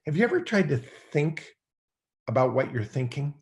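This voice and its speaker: A man's voice: fairly high pitch, big pitch swings, moderate pace, darkish tone. A man telling a personal story as a podcast guest, rambling with many fillers and acting out his own past thoughts aloud. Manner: loose and rambling, heavy on fillers. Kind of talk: conversational storytelling.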